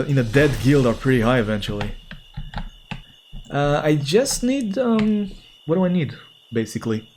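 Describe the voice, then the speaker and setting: A man's voice: medium pitch, darkish tone, a little hiss or hum. A man streaming a game, talking casually and playfully as he reacts to what happens. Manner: chatty and playful, reacting aloud as he plays. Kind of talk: casual gameplay commentary.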